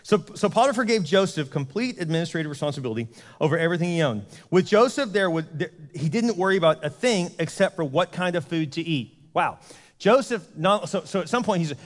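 A man's voice: on the high side, expressive, a little fast. A man preaching a casual, joking sermon as pastor, telling a story and acting out the characters' voices. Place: church sanctuary. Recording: long hall reverb.

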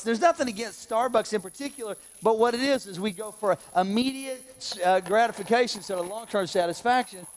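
A man's voice: sits high, a little fast, few pauses. A middle-aged male pastor preaching with humor, speaking directly to a large congregation in a church. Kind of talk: sermon. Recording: long hall reverb.

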